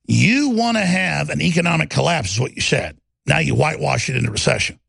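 A man's voice: a little high, animated, fairly quick, gravelly, a bit bright, breathy edge, no echo, clean studio sound. A man hosting a broadcast, giving heated, mocking political commentary with lots of insults. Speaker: host.

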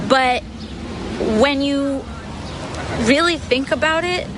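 A woman speaking earnestly and haltingly in an outdoor clip. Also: high-pitched. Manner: earnest, halting, searching for words. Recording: outdoor clip with street traffic noise.

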